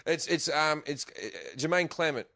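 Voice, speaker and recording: A man's voice: on the high side, normal speed, sharp tone, no room sound, studio quality. An Australian man, a podcast guest, telling stories in casual chat, laughing often and swearing freely.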